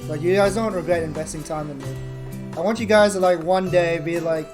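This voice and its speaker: A man's voice: fairly high pitch, a little fast. A man streaming a game, talking casually to viewers with lots of fillers. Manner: chatty, many fillers like "like" and "you know". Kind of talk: casual let's play commentary. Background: background music.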